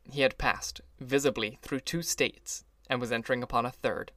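A man reading a classic novel aloud as an audiobook, in measured, even storytelling narration. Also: mid-range voice, dry recording. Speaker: audiobook reader. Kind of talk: scripted narration.

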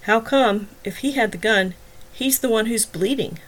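A woman's voice: on the high side, moderate pace, fairly bright tone. A blunt, middle-aged detective, as a woman reads him, firing off terse, demanding questions. He sounds hard and suspicious. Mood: stern. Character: gruff middle-aged male detective, a father.

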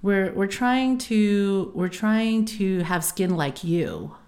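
A woman imitating her retired father in his seventies, a quiet, joking man who talks slowly and politely. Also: high-pitched. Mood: teasing. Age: 70s.

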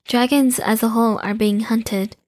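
Woman doing a calm polite young shapeshifter girl, kinda high voice, dry sound. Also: moderate pace, dry recording, close to an everyday voice. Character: young female shapeshifter, watchful and courteous.

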